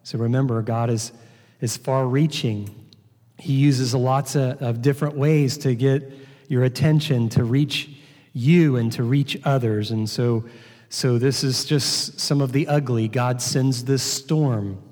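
A man's voice: mid-range voice, fairly even intonation, a little slow, a little mellow. A man preaching a sermon, reading scripture aloud and then explaining it with rhetorical questions. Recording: long hall reverb.

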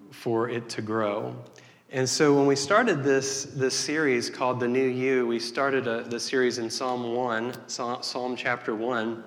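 Folksy pastor in a reverberant hall. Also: male voice, mid-range voice, a bit bright. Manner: folksy joke-telling, many restarts. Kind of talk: sermon.

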